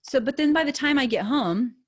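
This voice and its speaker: A woman in her thirties, a podcast host, telling a story in a casual, animated way, swearing freely and acting out the dialogue. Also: high-pitched, a little fast.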